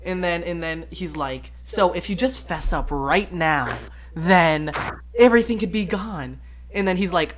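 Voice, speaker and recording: A man's voice: on the high side, unhurried. Giggly, rambling young guy reviewing. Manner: rambling and giggly, retells scenes in quoted voices; full of fillers and profanity. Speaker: movie reviewer. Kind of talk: casual late-night review chat.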